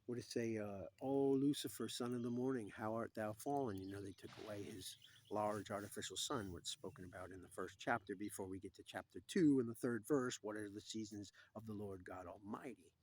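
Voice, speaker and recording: A man talking alone to the camera in a rambling, digressive monologue, drifting between topics and jokes and acting out quoted voices in a much higher pitch. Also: fairly quick, slight background noise.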